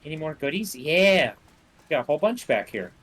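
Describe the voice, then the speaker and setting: Wry, animated male co-op player. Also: a little high, moderate pace, breathy edge, low-quality recording. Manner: wry, joking, reacts aloud to the game. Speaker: co-op gaming partner. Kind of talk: casual gaming chat.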